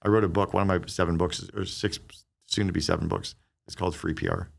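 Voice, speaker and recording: A middle-aged man with a very low, heavily gravelly voice talks at a rapid clip. He tells stories as a podcast guest, lively and conversational, slipping into the voices of the people he quotes. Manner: fast, animated storyteller who acts out quoted dialogue. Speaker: guest, business strategist.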